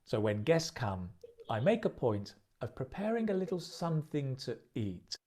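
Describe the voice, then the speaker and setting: A man teaching English idioms in a recorded video lesson, speaking slowly and clearly and repeating phrases for practice. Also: medium pitch, very animated, mellow.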